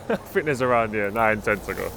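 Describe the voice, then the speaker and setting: A man with a London accent co-hosting a casual football chat, relaxed, leading segments and talking to viewers. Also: on the low side, normal speed, gravelly, slight background noise. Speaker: podcast co-host.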